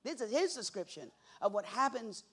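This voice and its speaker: A woman preaching a sermon, swinging from hushed whispers to loud, emphatic cries and repeating key words for emphasis. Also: a little high, big pitch swings, normal speed, slightly rough.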